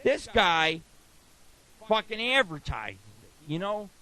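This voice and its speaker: A man's voice: a little high, slow, rough recording. A middle-aged man hosting a radio talk show, telling crude rambling stories with constant swearing. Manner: profane, rambling, animated.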